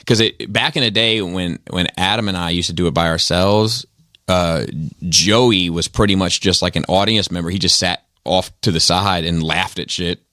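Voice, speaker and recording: A man's voice: sits low, steady tone, moderate pace, pushed and bright, no echo, clean studio sound. A man hosting a casual podcast chat, rambling with lots of fillers and some swearing. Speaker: podcast host. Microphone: studio mic on arm.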